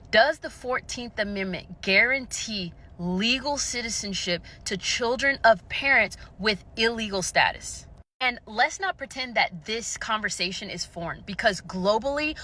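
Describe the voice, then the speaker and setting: A woman delivers opinion commentary in an assertive, lecturing way. Her voice is bright and forceful. She leans on key points with firm emphasis. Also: mid-range voice.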